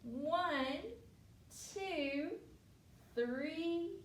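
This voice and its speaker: Gentle woman leading children's storytime. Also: high voice, drawn-out words. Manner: gentle, encouraging, speaking to young children. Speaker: children's librarian. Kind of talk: children's storytime with a counting song. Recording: echoey room, mic at a distance, faint background hiss.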